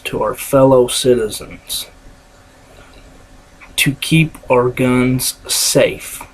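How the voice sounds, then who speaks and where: A man from Kentucky with a Kentucky accent and a scratchy voice, talking to the camera in a casual vlog with halting pauses and many fillers. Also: medium pitch, husky. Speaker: vlogger. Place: small room with a door, indoors.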